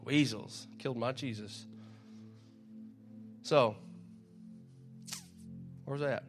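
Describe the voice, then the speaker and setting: Over soft background music, a man preaches very slowly in a mid-range voice. It's an informal, conversational sermon with scripture read aloud, plenty of repeated words and acted-out crowd shouts.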